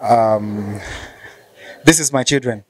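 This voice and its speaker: A man's voice: lowish voice, slightly rough. Polite Nigerian male interviewer. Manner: polite, measured, stumbles when improvising. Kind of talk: casual interview questions.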